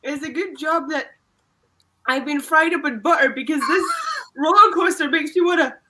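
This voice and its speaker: A woman's voice: high voice, normal speed. A woman voicing a giddy, shrieking sausage roller coaster in live improv comedy. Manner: shrieking, excitable. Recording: noisy live stream.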